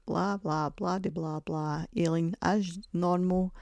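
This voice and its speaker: A woman's voice: lowish voice, steady tone, unhurried, hardly any pauses, darkish tone, no echo. A woman in her forties hosting a podcast, telling chatty, rambling, self-mocking stories. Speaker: podcast host. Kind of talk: casual podcast monologue.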